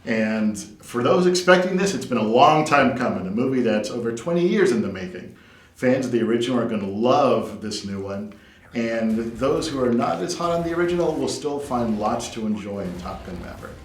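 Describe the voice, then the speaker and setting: A man co-hosting a film podcast, reviewing movies in an articulate, measured way. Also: mid-range voice, animated. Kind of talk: film review and casual chat. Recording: echoey room with faint noise.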